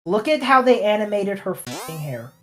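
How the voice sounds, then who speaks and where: A man's voice: high voice, sing-song, moderate pace, crowd noise. Man ranting with sarcastic profanity. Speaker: channel host, reviewer. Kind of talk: ranting commentary video.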